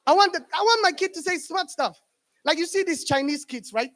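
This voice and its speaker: A young man with a Namibian accent doing a stand-up comedy set, animated and laughing at his own jokes. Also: very high voice, brisk.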